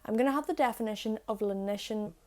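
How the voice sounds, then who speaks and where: A woman's voice: mid-range voice, darkish tone. Chatty young woman teaching pronunciation. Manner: chatty, self-deprecating, slows down to demonstrate sounds. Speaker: language-learning YouTuber. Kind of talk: explaining pronunciation to camera. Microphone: earphone mic plugged into a phone.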